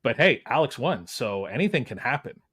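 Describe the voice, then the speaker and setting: A man's voice: medium pitch, big pitch swings, fairly quick, fairly bright tone, slightly rough. A man hosting a podcast in casual chat, laughing often and filling gaps with uh and um. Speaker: podcast host.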